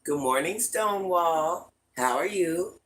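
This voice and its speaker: A woman's voice: on the low side, expressive, takes it slowly, fairly bright tone, low-quality recording. An older woman hosting a casual livestream from home, chatting with viewers and greeting them with pet names. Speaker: livestream host.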